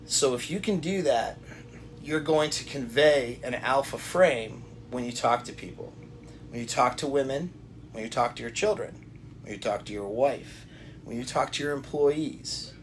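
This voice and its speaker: A man talking straight to the camera with coaching advice, deliberate and repetitive, often restarting his sentences. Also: mid-range voice, slight background noise. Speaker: self-help coach. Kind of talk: direct-to-camera advice talk.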